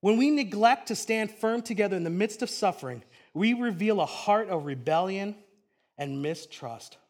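High-voiced man preaching a sermon. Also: moderate pace. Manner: animated storytelling, swinging from hushed to loud. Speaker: pastor.

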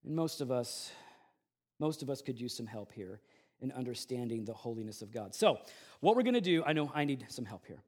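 A man preaching a sermon, telling a personal story in an animated way before turning to scripture. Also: mid-range voice, brisk. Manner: animated storytelling with voiced quotes. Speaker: pastor.

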